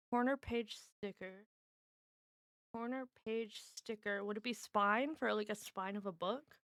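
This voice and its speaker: During a casual home stream, a woman reasons aloud through word puzzles and ribs the people around her. Her mid-range voice is fairly bright, recorded in studio quality with no room sound.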